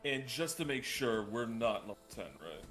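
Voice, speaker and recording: A man chatting casually as a player before a tabletop game, unhurried and easygoing. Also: mid-range voice, animated, fairly bright tone, faint music behind.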